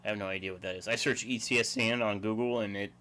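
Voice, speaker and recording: A man's voice: lowish voice, fairly even intonation, fast talker, sharp tone. A man hosting a casual livestream, rambling and chuckling as he reads out viewer chat. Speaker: livestream host.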